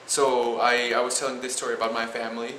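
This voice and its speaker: A man's voice: mid-range voice, level tone, sharp tone. A young man with a Spanish accent, a student talking casually in a vlog and often restarting his sentences. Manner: halting, many restarts and "like" fillers. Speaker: student vlogger. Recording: roomy echo with faint noise.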